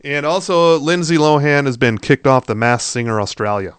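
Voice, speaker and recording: A man's voice: mid-range voice, fairly even intonation, normal speed, smooth, no room sound. A man co-hosting a casual podcast, running through entertainment news in a blunt, profane way. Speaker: podcast co-host and radio host.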